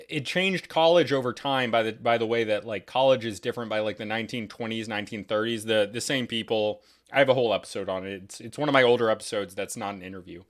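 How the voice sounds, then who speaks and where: A man hosting a casual podcast conversation, his voice sitting at an ordinary middle pitch. He rambles and digresses, restarting his sentences as he works through a point with animation. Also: a bit bright. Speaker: podcast host.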